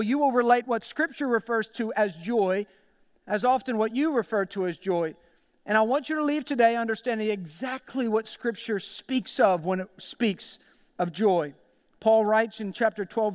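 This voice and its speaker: A young adult male pastor from South Jersey preaching a sermon, telling stories with lively acted-out quotes. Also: very high voice, normal speed, clean tone, dry recording, studio quality. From South Jersey, USA. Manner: animated storytelling, acts out quoted voices.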